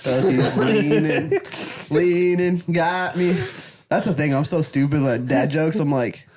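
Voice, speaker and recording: A man's voice: fairly high pitch, a little slow, darkish tone. A man co-hosting a comedy podcast, telling rambling stories and laughing often in casual banter. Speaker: co-host.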